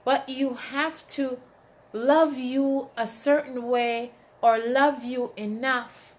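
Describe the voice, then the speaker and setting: A woman giving an inspirational talk, speaking emphatically and telling stories with acted-out quotes. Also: a little high. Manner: emphatic, asks the audience "right?"; animated storytelling with acted quotes. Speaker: motivational speaker.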